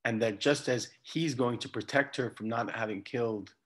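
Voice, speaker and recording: A man with a mid-range voice, a rabbi, talks at normal speed in a conversational lecture. He retells a Bible story and quotes the people in it, restarting himself along the way. The recording is dull and lo-fi.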